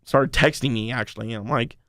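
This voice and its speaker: A man's voice: mid-range voice, a little fast, sharp tone, no room sound, studio quality. A young man co-hosting a podcast, telling a rambling story in casual chat and swearing freely. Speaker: podcast co-host.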